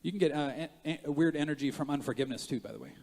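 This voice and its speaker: Male pastor, sermon delivery, raised-pitch voice, big swings in volume, playful self-mocking asides; church hall reverb. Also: racing, gravelly. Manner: animated preaching, swings from quiet asides to loud emphatic rises. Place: church sanctuary.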